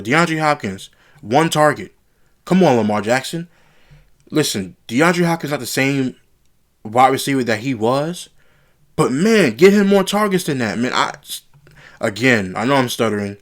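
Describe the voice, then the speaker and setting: A man giving a casual, frustrated sports reaction, often repeating himself as he gets worked up. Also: mid-range voice. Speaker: sports commentary vlogger.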